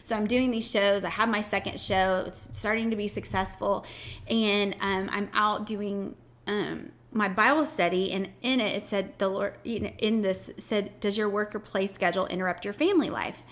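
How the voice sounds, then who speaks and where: A woman's voice: mid-range voice, fairly even intonation, a bit bright. A woman hosting a podcast, chatting casually with her guest and asking questions packed with fillers. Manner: chatty, filler-heavy, quick questions with many "like"s. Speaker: podcast host. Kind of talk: casual interview chat.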